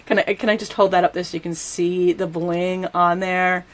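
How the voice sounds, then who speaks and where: A middle-aged woman hosting a live craft stream, chatting casually and gushing excitedly to her viewers. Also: lowish voice, moderate pace. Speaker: stamping demonstrator hosting a live craft show.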